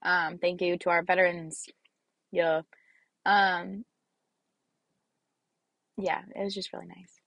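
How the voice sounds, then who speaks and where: A woman's voice: lowish voice, level tone, slow, long pauses, a bit bright, dry recording. A young woman in her twenties, a student, telling a rambling, filler-heavy story in a casual vlog, a bit congested. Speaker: student vlogger.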